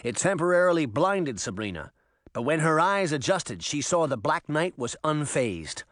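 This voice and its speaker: A man reads an adventure story aloud with lively, dramatic swings in his voice. His pitch sits a little high, and the recording is dry and close. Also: moderate pace, dry recording. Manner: dramatic, animated reading. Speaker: audiobook narrator. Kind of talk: expressive audiobook narration.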